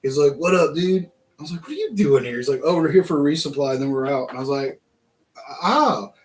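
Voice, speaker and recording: A man's voice: fairly high pitch, animated, fast, a little mellow, rough recording. A man hosting a casual build-along vlog, chatting to himself and laughing through his stories. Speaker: vlog host building a model kit.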